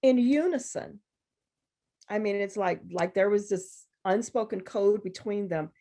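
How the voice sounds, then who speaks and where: Woman guest poet, gravelly voice, animated storyteller who acts out others' voices. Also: medium pitch, unhurried. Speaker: guest poet at a university reading. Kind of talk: conversational storytelling.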